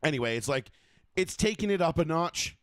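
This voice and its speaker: A man's voice: on the high side, lively intonation, brisk, dry recording, studio quality. A man with a Boston accent, co-hosting a casual podcast chat, swearing freely and mocking people. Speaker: podcast co-host.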